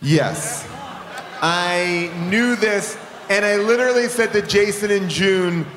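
A man hosting a live comedy podcast in front of an audience, quick and joking as he leads the show. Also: sits high, a bit bright, long reverb tail, a little hiss or hum. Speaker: podcast host.

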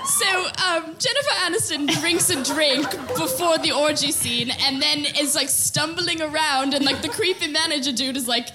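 A woman's voice: high-pitched, animated, moderate pace, hardly any pauses, a crowd in the background. A woman in a live audience asking a question at a microphone, nervous and giggly. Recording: live room mic with loud noise.

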